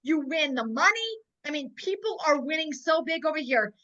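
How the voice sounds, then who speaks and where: A woman with a high, bright, sharp voice gives a fervent motivational pitch, repeating her rallying lines while on the edge of tears. She comes from North Dakota. Her audio has the muffled, lo-fi sound of a video call. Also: lively intonation, normal speed. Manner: emotional, on the verge of tears. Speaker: host of a sales webinar.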